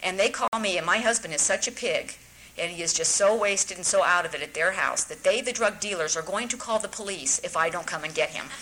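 A woman's voice: lowish voice, a little fast, pushed and bright, low-quality recording. A woman telling her own story at a recovery talk, wry and self-mocking, often restarting her sentences.

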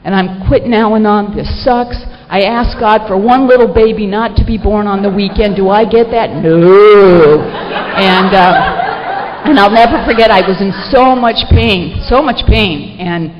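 A middle-aged woman sharing a personal story with an audience at a recovery meeting, in an animated, self-mocking way with lots of fillers. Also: medium pitch, normal speed, some chatter behind. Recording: echoey hall, dull lo-fi sound, faint noise.

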